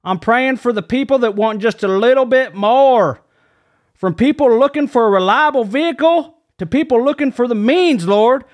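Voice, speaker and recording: A man voicing an excitable, rambling male reverend in a comedic mock prayer. He says "Lord" after nearly every phrase and trips over his words. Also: very high voice, moderate pace. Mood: fervent. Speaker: guest preacher character. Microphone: studio dynamic mic.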